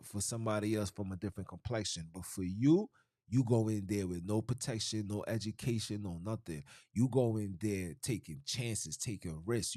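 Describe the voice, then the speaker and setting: A low-voiced man preaches to his podcast listeners in a bone-dry recording. He hammers his points home, repeating phrases and restarting sentences as he goes. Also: darkish tone, no room sound. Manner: emphatic, repetitive, frequent restarts. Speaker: podcast host. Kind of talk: preachy monologue.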